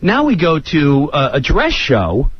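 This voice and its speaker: A man's voice: on the high side, a little slow, highs cut off, a little hiss or hum. A man, a comedian guest on a radio show, telling an anecdote and acting out other people's voices with lots of energy. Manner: acts out other voices, excitable. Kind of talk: animated anecdote on talk radio.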